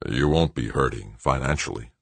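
A male narrator voicing a heavyset, kindly old man who speaks calmly. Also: rumbling low, moderate pace, creaky, dry recording, heavily acted.

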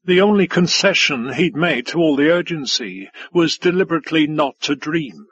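A man narrating a science-fiction audiobook in a measured, wry storytelling manner. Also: fairly high pitch, lively intonation, fairly bright tone, slightly rough, no room sound, dull audio. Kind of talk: scripted narration.

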